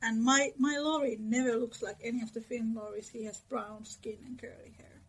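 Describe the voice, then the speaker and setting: A woman's voice: a little high, fairly even intonation, moderate pace, breathy edge, poor audio. A woman guest chatting casually and reflectively about books. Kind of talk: casual chat.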